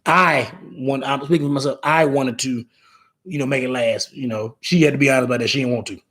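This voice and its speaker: A man's voice: medium pitch, fairly even intonation, a little fast, a bit bright, husky. A man in his thirties hosting a casual live stream, talking in a rambling way, repeating words and reading viewer comments aloud. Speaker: live show host.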